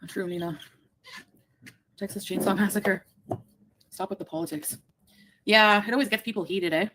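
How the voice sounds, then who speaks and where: A woman's voice: mid-range voice, moderate pace, fairly bright tone, slight background noise. A woman co-hosting a casual livestream, reading viewer comments aloud and chuckling. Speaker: livestream co-host.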